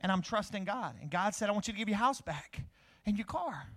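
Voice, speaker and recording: A man's voice: sits high, lively intonation, brisk, a bit bright. A middle-aged man preaching a sermon, asking questions and answering them himself.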